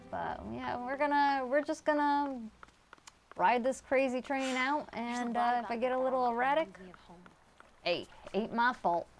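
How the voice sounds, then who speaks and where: A woman in her thirties live-streams a game and talks straight to her chat. Her delivery is loose and rambling, with casual swearing and lots of filler. Faint game music plays underneath. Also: mid-range voice. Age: 30s.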